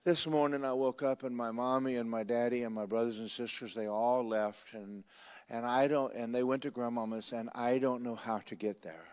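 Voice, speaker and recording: A man's voice: medium pitch, fairly even intonation, normal speed, darkish tone, clean tone, lightly acted. A man voicing an anxious lost little creature that earnestly repeats its plea for help, in a story told during a sermon. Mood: worried.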